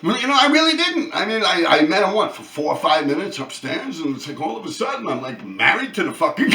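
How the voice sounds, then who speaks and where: A man, telling profane, animated street stories on his own channel. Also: on the high side, moderate pace, hardly any pauses, recorded from a distance, a little hiss or hum. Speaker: channel host. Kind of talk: casual storytelling. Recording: echoey room, off-mic.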